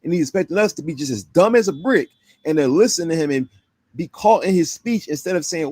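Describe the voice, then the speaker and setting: A man's voice: fairly high pitch, lively intonation, brisk, mellow, husky, dry recording. Indignant man with a dry close sound. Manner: indignant, rhetorical questions. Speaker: stream host. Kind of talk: commentary reacting to a clip.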